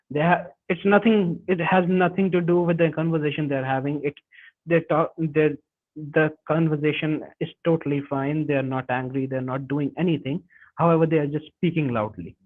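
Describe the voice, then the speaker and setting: A man's voice: a little high, narrow, tinny audio. A man with an Indian English accent teaching a live online webinar, explaining step by step and often restarting and correcting himself. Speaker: webinar instructor. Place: home or office, online webinar. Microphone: computer mic over a web call.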